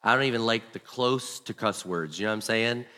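A man's voice: fairly low pitch, a little fast, sharp tone, big-room sound. A man preaching a sermon to church leaders, telling a personal story in an earnest, emphatic way with repeated phrases. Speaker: pastor.

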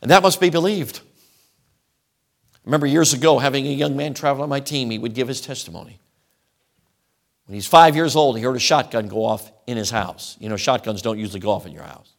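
A man's voice: mid-range voice, a little fast, long pauses. A middle-aged man preaching a sermon, emphatic and rhythmic, stacking repeated phrases into lists. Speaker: traveling preacher.

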